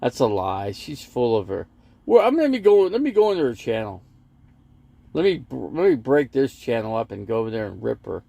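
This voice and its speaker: A rambling man chats on a casual live stream from inside his RV, jumping from topic to topic and reading viewer comments aloud. His voice has a gravelly edge, and his pitch swings lively up and down as he talks. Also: moderate pace, no echo. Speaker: livestream host. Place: inside an RV parked in a lot.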